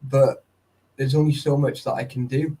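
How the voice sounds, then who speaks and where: A man's voice: medium pitch, little pitch movement, normal speed, mellow, poor audio. A man in a casual chat, chatty, swearing freely and calling people mate.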